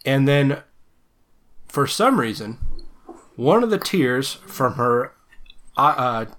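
A man talks through a horror movie plot on a podcast, in an unhurried, rambling way with many ums and restarts. His pitch swings up and down expressively as he laughs at the absurd scenes. He jokes crudely and keeps it loose. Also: very animated, a bit bright. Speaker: podcast co-host. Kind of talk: casual movie review chat.

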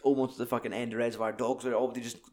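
A young Scottish man chatting casually about a film, swearing a lot and acting out lines in quick put-on voices. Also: medium pitch, little pitch movement.

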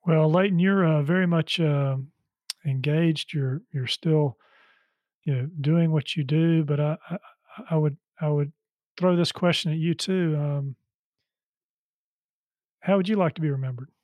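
Higher-voiced male interviewer, dry sound. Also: fairly even intonation, a little slow, pauses often, no room sound, muffled recording. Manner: prompting, summarizing, many fillers. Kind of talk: conversational interview.

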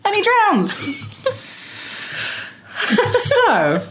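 A woman's voice: very high-pitched, huge pitch swings, drawn-out words, a bit bright, slight background noise. Giggly woman retelling a fairy tale. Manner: giggly, laughs through her words. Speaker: podcast guest.

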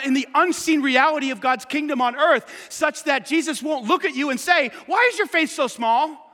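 High bright preacher in an echoing hall. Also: male voice. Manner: conversational, swings from loud urging to hushed. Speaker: pastor. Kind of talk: sermon. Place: church. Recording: long hall reverb.

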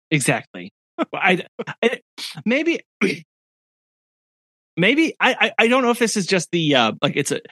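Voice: medium pitch, a bit bright, no echo, clean studio sound. Giggly stammering podcast co-host. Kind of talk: casual chat.

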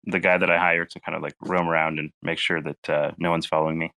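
A man's voice: low voice, level tone, quick pace, pushed and bright. A man in offhand, joking casual chat on a group voice call.

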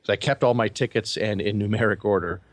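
A man in his forties, a podcast co-host, telling a story in a halting, self-correcting way. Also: on the low side, no echo. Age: 40s. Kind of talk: casual chat.

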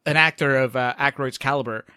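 A man's voice: medium pitch, brisk, bright, forceful tone, smooth, no room sound, clean studio sound. A young man co-hosting a podcast, chatting about a movie with giggly enthusiasm. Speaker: podcast co-host. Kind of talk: casual movie recap chat.

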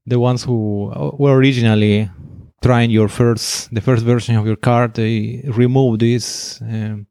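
A man's voice: medium pitch, flat delivery, measured pace, mellow, clean tone, dry recording, studio quality. A male interviewer in a casual conversation, reflective, paraphrasing what his guest says.

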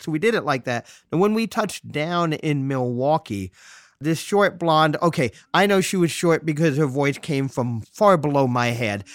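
A man from New City, hosting a podcast and telling stories in a joking, salty, animated way. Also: a little high, moderate pace, no room sound, clean studio sound. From New York City. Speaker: podcast host. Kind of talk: casual storytelling monologue.

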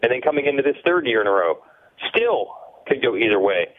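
A man talking through his sports picks in an even, reasoning way, heard as a co-host. His voice comes through a thin, phone-like line. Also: medium pitch, a little fast. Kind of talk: casual sports chat.

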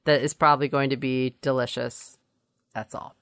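A woman's voice: a bass voice, little pitch movement, moderate pace, fairly bright tone, clear, resonant tone, no echo, studio quality. A woman hosting a casual recap chat, rambling and self-deprecating as she talks. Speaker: podcast host.

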